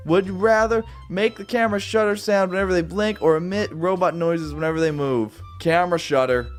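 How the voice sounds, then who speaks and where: With a high-pitched voice and a slightly fast pace, this gaming video host jokes casually while playing in his apartment. His voice leaps playfully now and then, over the sound of a neighbor's music.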